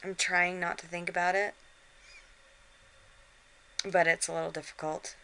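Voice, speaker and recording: A woman's voice: fairly low pitch, level tone, unhurried, bright, forceful tone, clear, resonant tone, low-quality recording. A middle-aged woman chatting casually to a handheld camera from her bed, worn out and unwell, talking in a drained, weary way. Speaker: vlogger. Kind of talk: casual vlog chat. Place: bedroom, in bed.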